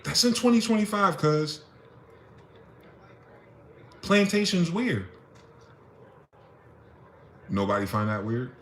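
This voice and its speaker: A man's voice: on the high side, lively intonation, slow, long pauses, fairly bright tone, a little hiss or hum. A man delivering an impassioned, profane solo rant, firing off rhetorical questions. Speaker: vlogger. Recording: echoey room.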